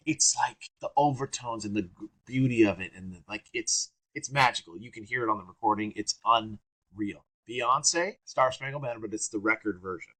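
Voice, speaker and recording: A man guesting on an interview podcast, telling lively anecdotes in a casual, excitable way. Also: on the low side, normal speed, slightly rough. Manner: animated, excitable anecdotes with bursts of energy. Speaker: guest trumpeter. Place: works around Orange County, California.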